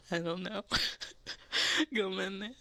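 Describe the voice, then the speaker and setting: A woman streamer rambling through soft ASMR chat, giggling often and speaking close to a sensitive microphone. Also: mid-range voice, steady tone, drawn-out words, slight background noise.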